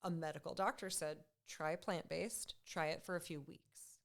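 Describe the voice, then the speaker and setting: A woman's voice: low voice, fairly even intonation, moderate pace. A woman in her thirties, a guest on a podcast, talking in an upbeat, chatty way and laughing often. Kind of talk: casual interview chat.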